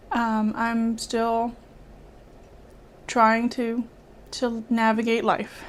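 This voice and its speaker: A middle-aged woman talking from the heart to her viewers in a personal vlog, halting and earnest, often restarting and close to tears at times. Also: on the high side. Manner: earnest, halting, with many restarts and soft laughs. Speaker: art YouTuber and children's author. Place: home studio with painting behind.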